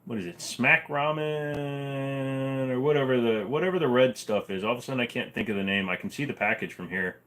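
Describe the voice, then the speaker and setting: A man's voice: fairly low pitch, lively intonation, rapid-fire, hardly any pauses, a bit bright. A man in his forties hosting a casual livestream Q&A from his apartment, talking in a rambling, offhand, joking way. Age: 40s. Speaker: livestream host. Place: apartment bedroom-living room.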